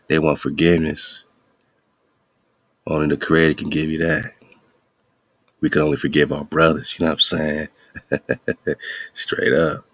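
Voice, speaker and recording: Male radio host, very low voice, preachy slangy rants, dry recording. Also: a bit bright, no room sound. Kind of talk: casual commentary.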